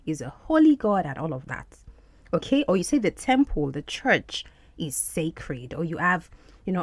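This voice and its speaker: A woman who hosts a podcast and teaches English uses film clips in her lessons, her pitch jumping up and down as she explains words and repeats them for practice. The recording is close and dry, with no room sound at all.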